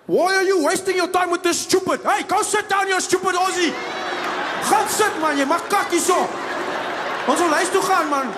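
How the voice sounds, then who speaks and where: Big afrikaans man barking orders, high and shouty, noisy live room. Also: moderate pace, a crowd in the background. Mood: scolding. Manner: shouting, scolding. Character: big loud Afrikaans man on a plane, bossy and blunt. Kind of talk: stand-up comedy act-out.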